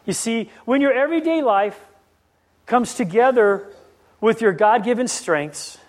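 A man's voice: extremely high pitch, animated, unhurried, a little mellow. A man preaching a sermon, pressing the listeners with repeated rhetorical questions and telling a story.

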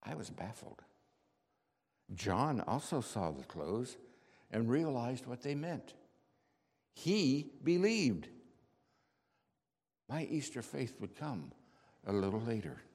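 A man preaching a dramatic first-person sermon monologue, slow storytelling that drops to hushed tones and bursts out loud. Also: mid-range voice, very animated, husky. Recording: reverberant hall.

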